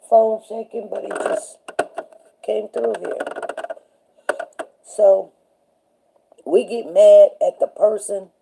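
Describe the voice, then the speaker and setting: This middle-aged woman runs a laid-back live talk show in a mid-range voice that is mellow with vocal fry and a breathy edge, and the audio is poor. She meanders through stories and often asks viewers "you know what I'm saying."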